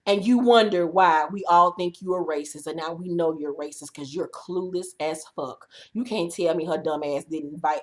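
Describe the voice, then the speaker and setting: A woman vlogger recapping reality TV in a brash, profane, trash-talking rant. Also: fairly low pitch.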